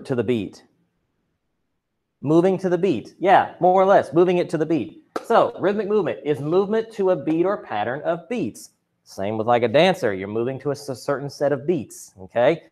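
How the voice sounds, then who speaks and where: A man teaches his drama and chorus class virtually, his voice a little high and a little mellow. He keeps things chatty and cheerful with jokes for the students, recorded on a computer mic during the video call.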